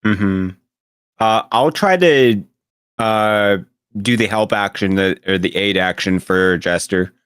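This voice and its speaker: A man playing in a tabletop game, speaking hesitantly with many pauses. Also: lowish voice, fairly bright tone, clear, resonant tone, no room sound. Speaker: player.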